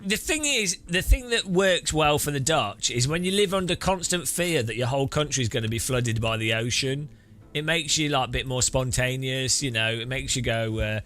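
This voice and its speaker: A man's voice: mid-range voice, expressive, normal speed, sharp tone. A man rambling casually while streaming a racing game, often restarting his sentences and chuckling. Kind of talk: casual gameplay commentary.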